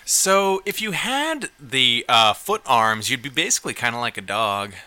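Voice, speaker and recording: A man co-hosts a casual podcast in a playful, laughing way. His voice is bright and crisp, with a smooth, resonant edge. The sound is dry and close. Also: medium pitch, very animated, a little slow, no echo. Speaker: podcast co-host.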